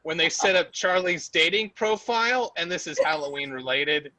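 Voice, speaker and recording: A man co-hosting a podcast in casual chat, excitable, laughing often and swearing casually. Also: on the high side, moderate pace, no echo, rough recording. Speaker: podcast co-host.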